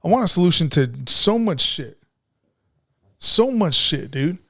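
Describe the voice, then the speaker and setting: A man with a fairly high, gravelly voice, co-hosting a podcast as casual chat. He talks bluntly and sounds frustrated, swearing all the time. The sound is dry and close. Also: sing-song, a little slow, fairly bright tone, no room sound. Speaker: podcast co-host.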